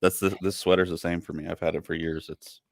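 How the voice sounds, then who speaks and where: Man, deep voice, relaxed brief interjections, dry room. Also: fast talker, vocal fry, no echo. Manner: brief laid-back interjections. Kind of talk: casual chat.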